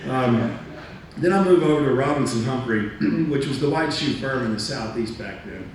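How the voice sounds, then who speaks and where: A man giving a talk, telling a story from his career in a lively way, acting out other people's lines and laughing at himself. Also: mid-range voice, normal speed. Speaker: motivational speaker. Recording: echoey room, distant mic, faint noise.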